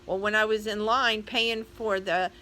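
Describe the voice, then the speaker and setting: A woman's voice: mid-range voice, fairly even intonation, measured pace, sharp tone, slight background noise, poor audio. An older woman vlogger telling a story casually and chattily, speaking straight to her viewers.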